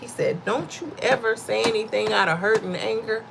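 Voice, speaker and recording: A middle-aged woman with a slightly high, gravelly voice hosts a livestream amid background noise, speaking at a moderate pace. Her faith-based talk is casual, conversational and a bit preachy, and she laughs a lot and calls her viewers y'all.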